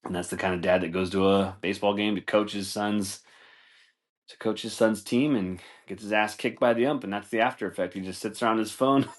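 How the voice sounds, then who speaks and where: A man's voice: fairly low pitch, fairly even intonation, a little fast. A man hosting a comedy podcast, rambling loosely through stories, swearing and laughing, saying dude a lot. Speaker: podcast host.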